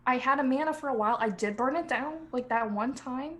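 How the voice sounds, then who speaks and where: A woman's voice: high voice, brisk, crowd noise. A woman playing a tabletop game in character, rambling casually with lots of fillers. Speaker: player. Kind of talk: in-character tabletop role-play.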